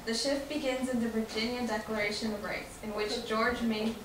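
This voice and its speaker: A female student reading a passage aloud in class, careful and halting over hard words. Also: on the high side, level tone, noisy background. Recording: echoey classroom from far off.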